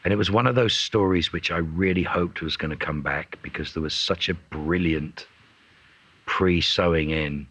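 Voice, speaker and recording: A man, an actor being interviewed, telling animated stories and acting out what people said. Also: low voice, normal speed, husky, dry recording. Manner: animated, acts out quotes in voices. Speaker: actor guest. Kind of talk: casual interview storytelling.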